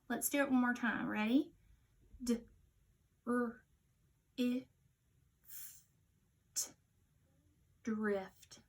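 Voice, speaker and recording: A woman teaching a phonics lesson to young children, sounding out each letter slowly and clearly. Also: on the high side, a bit bright.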